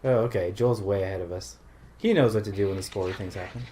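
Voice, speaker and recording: A man's voice: deep voice, quick pace, dark tone, slight background noise. A man with a Canadian accent, talking casually while playing a video game as co-host, chatty, laughing often and gushing about films. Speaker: player and co-host. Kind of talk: casual let's-play commentary.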